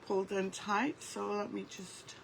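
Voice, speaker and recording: Slow-talking woman hosting a craft livestream. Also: mid-range voice, level tone, vocal fry, poor audio. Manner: chatty, greets viewers by name while crafting. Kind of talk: casual craft livestream chat. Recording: faint background noise.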